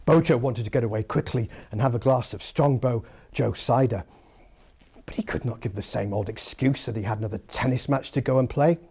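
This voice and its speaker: A man giving an after-dinner comedy speech at a speakers' club, with a measured, pun-laden delivery. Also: mid-range voice, creaky, darkish tone, breathy edge.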